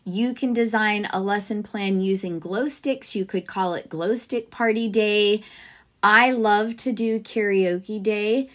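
A woman's voice: medium pitch, slow, a bit bright. A woman hosting a podcast for music teachers, giving advice in a chatty, upbeat way with lots of asides.

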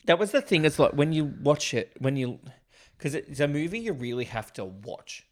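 A man, co-hosting a casual film discussion podcast, chatty and animated with quick jokey asides. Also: fairly high pitch. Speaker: podcast co-host.

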